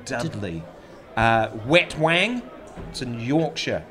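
A man's voice: mid-range voice, sing-song, slow, fairly bright tone, soft background music, some chatter behind. A man with a New Zealand accent hosting a playful, casual chat. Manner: playful, chatty.

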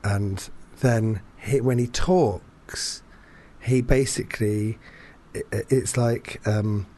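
A man's voice: lowish voice, steady tone, takes it slowly, mellow. A man telling a story in casual chat, rambling, restarting his sentences often and laughing between them.

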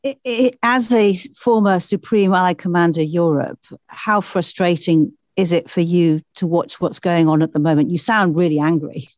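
A woman interviewer puts direct, probing questions to her guest. Her voice sits low for a woman. The sound is dry and close, with no room around it. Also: moderate pace, darkish tone, no room sound. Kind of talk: broadcast interview.

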